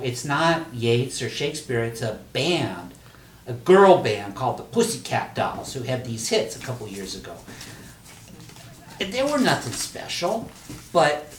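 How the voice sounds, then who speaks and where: An older man, a poet and teacher, talking casually in an animated, profane way and laughing often. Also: fairly high pitch, recorded from a distance. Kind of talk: casual conversation. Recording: echoey room, off-mic, faint noise.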